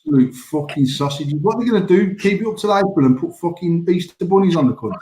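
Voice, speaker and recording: A man's voice: high-pitched, quick pace, echoey room, poor audio. Swearing man telling a story. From England. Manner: swears a lot, animated storytelling. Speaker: podcast co-host. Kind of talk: casual chat.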